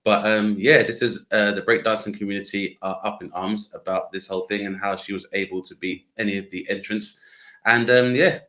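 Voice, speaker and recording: A man co-hosting a relaxed chat show with a dry, sarcastic wit. He talks in a fairly low voice and fills his sentences with hesitant "uh"s. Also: brisk. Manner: wry, sarcastic, many fillers. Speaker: co-host. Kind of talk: casual banter.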